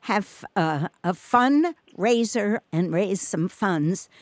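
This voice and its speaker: Lady radio host, slow easygoing chatter, lots of ums and laughs, dry studio sound. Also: medium pitch, animated, no room sound. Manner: chatty, laughs often, many fillers. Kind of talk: casual radio chat.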